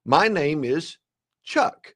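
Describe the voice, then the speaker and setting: A man in his sixties, a guest telling a story in a lively, dramatic way and acting out the quotes. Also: a little high, extremely slow. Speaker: guest, ethics speaker. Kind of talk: animated storytelling.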